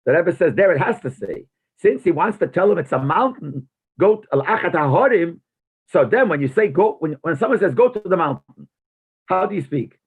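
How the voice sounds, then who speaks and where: A man's voice: on the high side, animated, a little fast, slightly rough. A rabbi teaching a text-study class. He reads a phrase aloud, then translates and explains it, posing questions as he goes. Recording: tinny phone-like lo-fi recording.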